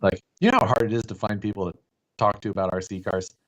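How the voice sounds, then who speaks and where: Streamer dude w a lowish voice, laughs a lot, tells stories doing everyone's lines. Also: male voice, steady tone, fast talker, fairly bright tone. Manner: laughs often, acts out quoted conversations. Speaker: live stream host. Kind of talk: casual chat.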